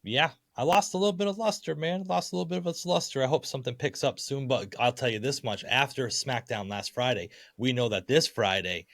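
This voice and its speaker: A man's voice: medium pitch, fairly quick, hardly any pauses, fairly bright tone, dry recording, studio quality. A man co-hosting a wrestling podcast, bantering casually and chuckling often. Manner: laid-back, chuckling banter. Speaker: podcast co-host.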